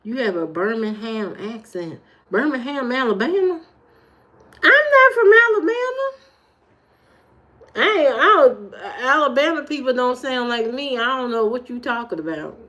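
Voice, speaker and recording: A woman from Indiana with an Indiana accent, chatting casually on a livestream and telling stories with animated jumps in her voice; her high voice can sound youthful. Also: normal speed, few pauses, highs cut off. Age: adult. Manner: animated storytelling, jumps high when retelling. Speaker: livestream host. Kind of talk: casual livestream chat reading comments.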